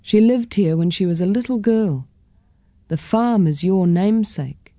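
A kind, practical mother in a storybook speaks plainly and gently, voiced by a woman reader. The sound is mellow, slow and dry. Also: mid-range voice, expressive, no echo, lightly acted.

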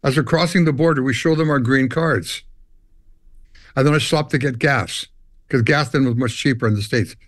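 A man's voice: mid-range voice, moderate pace, dry recording. A man in his seventies from Canada, a musician guest telling long stories in an interview and acting out the dialogue. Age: older. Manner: animated storyteller, acts out dialogue and hums riffs. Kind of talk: storytelling interview.

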